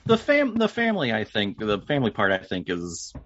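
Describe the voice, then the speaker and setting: A man's voice: on the low side, fairly quick, dull audio. A man co-hosting a podcast, chatting casually about a film and laughing often. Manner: lively, laughs a lot. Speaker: podcast co-host.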